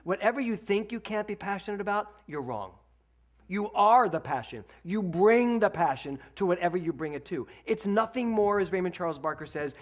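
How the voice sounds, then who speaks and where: A man giving a sermon at a spiritual center, telling stories in an animated, humorous way. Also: high-pitched. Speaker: minister.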